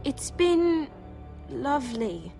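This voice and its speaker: A woman's voice: high voice, a little slow. An actress playing a frightened young noblewoman who stammers in fear, in a video game. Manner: fearful, stammering. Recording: echoey, distant, loud game music.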